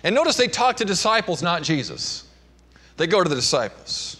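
A man preaching a sermon, shifting between emphatic and hushed delivery. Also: sits high, sing-song, normal speed, slightly rough. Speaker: pastor.

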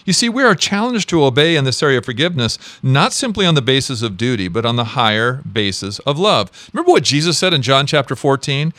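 A man pastor preaching a sermon, asking the congregation questions and moving between quick and slow, emphatic phrasing. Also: medium pitch, very animated, a bit bright, no room sound.

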